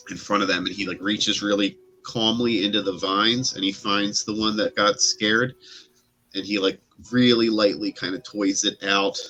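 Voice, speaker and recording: A man with a low-pitched voice narrates as game master of a tabletop game. His tone is bright and forward, and he wanders through descriptions with frequent fillers. Faint music plays in the background.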